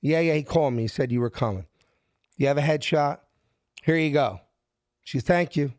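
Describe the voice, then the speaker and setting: A middle-aged man from South Philadelphia with a Philadelphia accent, telling his story with lively acted-out quotes. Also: no echo, studio quality. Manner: acts out quotes with shifting pitch, lively and fast. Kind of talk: animated storytelling.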